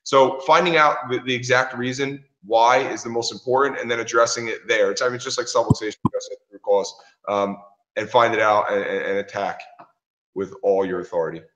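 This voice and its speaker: A man, a guest chiropractor, giving advice in a halting way, repeating words as he finds his point. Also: mid-range voice, steady tone, a bit bright, echoey room, poor audio. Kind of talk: casual advice talk.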